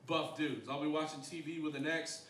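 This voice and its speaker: A wry man in his thirties works through a self-mocking stand-up set, his voice sitting a touch high. He is caught from a distance in an echoey club, with a clear noisy bed behind him. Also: steady tone, fairly quick, a bit bright. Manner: wry, self-deprecating, jumps to high-pitched voices for punchlines. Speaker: stand-up comedian. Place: comedy club stage. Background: audience laughter.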